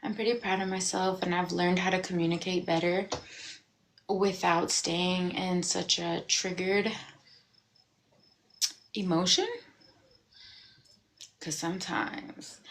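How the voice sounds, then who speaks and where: A woman's voice: lowish voice, gravelly. Candid woman talking on a livestream. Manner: candid, animated, with bursts of laughter; reflective and confessional. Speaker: livestream host. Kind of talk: casual livestream talk. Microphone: phone.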